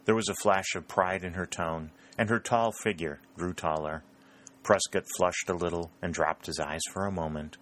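A man narrating a novel as an audiobook, steady and measured. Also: deep voice.

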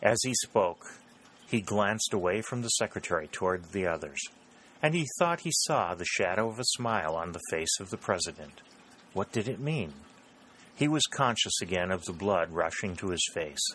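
A man narrating an audiobook in a steady, even reading voice. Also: low-pitched, normal speed, a little hiss or hum, low-quality recording. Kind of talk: scripted narration of a historical novel.

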